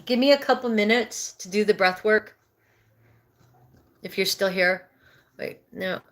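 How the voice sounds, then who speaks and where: A woman's voice: medium pitch, a little slow. A woman in her fifties coaching breathwork on a live stream, candid and rambling, often correcting herself mid-sentence. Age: 50s.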